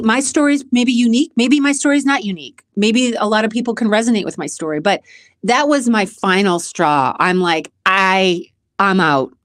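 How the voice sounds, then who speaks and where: A woman's voice: on the high side, dry recording, studio quality. A middle-aged woman hosting a self-help channel, telling a personal story in a candid, emotional way, often repeating herself and talking straight to her viewers.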